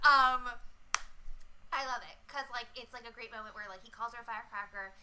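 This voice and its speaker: A woman's voice: fairly high pitch, fairly even intonation, a little fast, shouting, heavy background noise. A young woman co-hosting a podcast, chatting expressively with frequent fillers and swearing. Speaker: podcast co-host. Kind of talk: casual chat.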